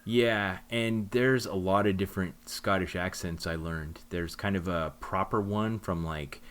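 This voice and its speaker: Deep-voiced co-host, relaxed, dry jokes. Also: male voice, unhurried, slight background noise. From Oklahoma, United States. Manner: relaxed storyteller, dry humor. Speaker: podcast co-host. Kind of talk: casual chat.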